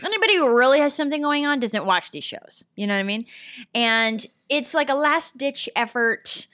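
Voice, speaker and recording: A woman hosting a comedic interview, teasing her guest in a deadpan, roasting way. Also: sits high, normal speed. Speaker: interviewer host.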